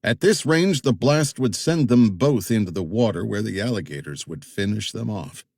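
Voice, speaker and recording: Low-voiced male thriller narrator. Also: lively intonation, normal speed, vocal fry, darkish tone, no echo, studio quality. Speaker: audiobook narrator.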